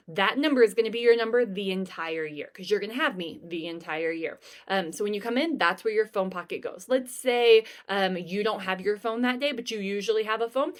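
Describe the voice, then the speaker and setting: A woman, a teacher giving an upbeat, chatty first-day talk to her class over a video call, with frequent ums. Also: medium pitch.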